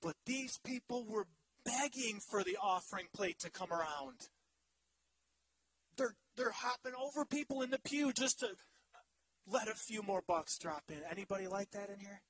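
A male pastor in his thirties preaching a sermon in an animated, humorous way, swinging from loud to hushed. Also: high-pitched, moderate pace, breathy edge, rough recording.

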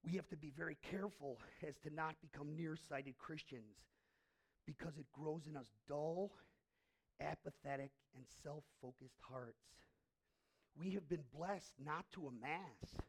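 A male pastor delivers a church sermon, dramatically recounting a story as he moves between loud, forceful bursts and quiet, hushed moments. His voice sits slightly high and a bit rough, and he takes his time.

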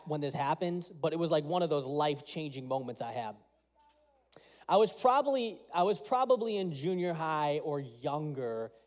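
A man, a pastor, preaching a sermon with earnest prayer and storytelling. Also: on the high side.

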